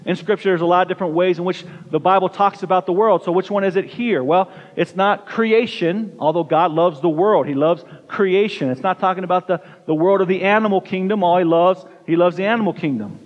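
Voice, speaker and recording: A man's voice: high-pitched, brisk, hardly any pauses. A man preaching a sermon as pastor, stressing single words and asking the congregation rhetorical questions. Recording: dull lo-fi sound with long hall reverb.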